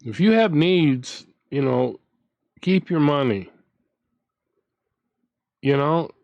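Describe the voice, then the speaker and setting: A man's voice: fairly high pitch, animated, slow, gravelly, no room sound, highs cut off. A man hosting his own channel, ranting in a casual, indignant way, with frequent restarts as he talks. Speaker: commentary channel host.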